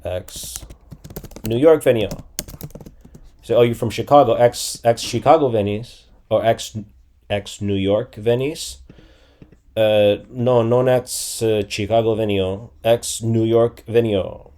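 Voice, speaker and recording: Man in his 40s, language teacher, thinks aloud while typing, low mellow voice, slow pace, faint noise and keyboard clicks. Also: steady tone. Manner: thinking aloud, guessing phrases and repeating them. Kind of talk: casual screen-recorded lesson.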